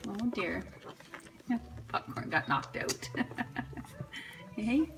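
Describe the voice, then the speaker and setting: Cooing woman with lively voice. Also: medium pitch, drawn-out words, vocal fry, pauses often, noisy background. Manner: cooing baby talk to puppies, frequent laughs. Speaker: dog breeder. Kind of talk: casual vlog narration. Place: indoors at a whelping pen.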